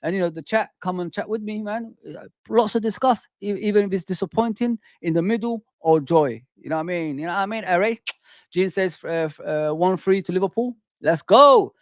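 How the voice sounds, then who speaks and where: A man hosting a football fan live stream, chatting casually with his viewers and reading out their comments, slangy and repetitive, with frequent shout-outs. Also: sits high, a little fast, no room sound, studio quality. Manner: repeats phrases and restarts often. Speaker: football fan channel host.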